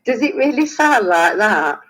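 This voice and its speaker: A woman's voice: on the high side, very animated, measured pace, poor audio. A British woman with a British accent hosting a live stream, chatting casually and trailing off into restarts mid-sentence. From Britain. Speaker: livestream host. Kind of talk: casual chat.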